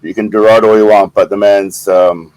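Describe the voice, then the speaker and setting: A man's voice: lowish voice, steady tone, moderate pace, darkish tone, no room sound, low-quality recording. A man chatting casually as a guest, laid-back and swearing freely. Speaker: co-host guest. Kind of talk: casual chat.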